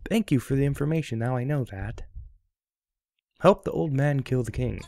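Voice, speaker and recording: A man's voice: medium pitch, normal speed, long pauses, dark tone, no room sound. A young man giving goofy, rambling commentary on a game, sometimes singing bits of a song. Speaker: let's play commentator. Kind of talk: casual gameplay commentary.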